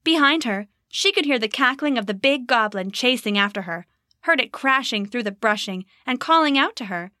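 A woman narrating a storybook in an expressive, measured way. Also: fairly high pitch, dry recording, studio quality. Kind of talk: storybook reading.

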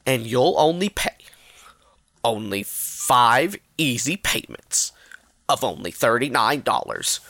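A podcaster imitating an older male TV pitchman who drags out a price reveal. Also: very animated, slow pace, fairly bright tone, dry recording, clean studio sound, full character voice. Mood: dramatic.

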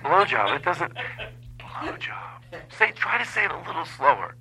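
A man's voice: fairly high pitch, very animated, fast, background noise. A man hosting a comedy podcast, playing out an improvised bit with a mock-earnest manner as he talks to a pretend caller.

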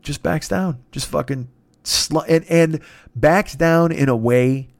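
A man in his fifties telling a rambling story in a casual, profane and excitable way. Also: a little high, slow, vocal fry, no room sound. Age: 50s.

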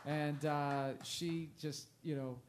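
A man's voice: a little high, flat delivery, slow, slight background noise. A man who is a stand-up comedian, chatting casually in an interview, rambling and self-deprecating, often trailing off and restarting.

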